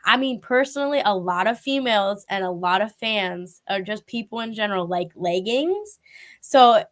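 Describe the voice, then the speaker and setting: A woman's voice: medium pitch, lively intonation, normal speed. A woman hosting a casual interview, chatty and rambling with lots of fillers and laughter.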